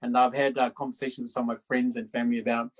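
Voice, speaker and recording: A man with a New Zealand accent talks about his role in a relaxed, easygoing way. His voice is medium in pitch, and he speaks on a video call. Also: rapid-fire, rough recording. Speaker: actor on a cast panel. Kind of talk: casual introduction on a video call.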